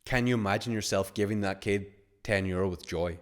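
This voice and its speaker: A man's voice: fairly low pitch, brisk. A man hosting a webinar as a money-mindset coach, talking casually in a rambling, filler-heavy way and acting out little scenarios.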